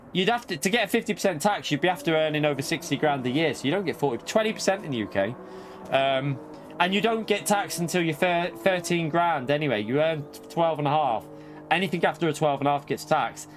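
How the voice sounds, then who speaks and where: Speaking a little high, a British streamer talks casually to his audience while live-racing. He's excitable, laughs frequently, and curses whenever something catches him off guard.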